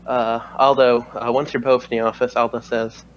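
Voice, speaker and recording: A man's voice: mid-range voice, level tone, normal speed, few pauses, clean tone, dull audio. A man narrating as game master of a tabletop game, hesitant and full of fillers.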